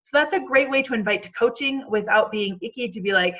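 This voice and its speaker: A woman with a fairly high voice talks her team through tips in a chatty, encouraging way. She keeps checking in with a quick "okay?". The sound is dull and a bit lo-fi. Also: bright, forceful tone. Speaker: team coach. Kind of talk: team call coaching talk.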